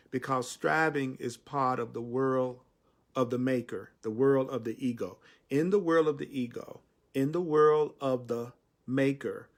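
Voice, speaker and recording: A man teaching spirituality on a live stream, slowly and emphatically, repeating key phrases and speaking directly to his viewers. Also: medium pitch. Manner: slow, repetitive and emphatic; addresses viewers and reads their comments.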